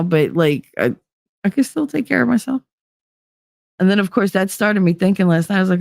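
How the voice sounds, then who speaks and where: Gravelly lady in her 50s chatting on stream, blunt, cusses a lot, calls folks honey, dry close mic. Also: lowish voice, a little fast, a little mellow, no room sound. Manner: blunt, swears freely, greets viewers with pet names. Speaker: livestream host. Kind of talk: casual chat reading viewer comments. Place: home.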